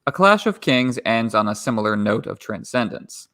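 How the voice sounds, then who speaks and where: A man co-hosting a podcast, giving measured, analytical commentary on a novel. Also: mid-range voice, big pitch swings, pushed and bright, no echo, clean studio sound. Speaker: podcast co-host.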